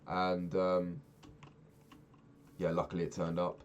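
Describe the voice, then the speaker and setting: A young man chatting casually while playing a game, rambling and swearing, sounding low and sad. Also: monotone, takes it slowly, dull audio, a little hiss or hum. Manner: swears often, rambling and candid. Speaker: Minecraft vlogger.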